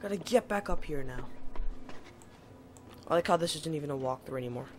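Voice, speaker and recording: A woman's voice: low-pitched, expressive, a little fast, a little mellow. A young woman giving let's-play commentary to her viewers, exasperated and self-mocking, on a home mic that cuts out. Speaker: gaming channel host. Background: game music.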